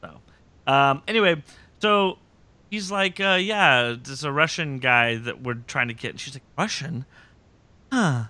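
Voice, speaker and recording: A man hosting a podcast, recapping episodes in casual chat and acting out scenes in quick impressions. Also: medium pitch, expressive, bright, forceful tone, dry recording.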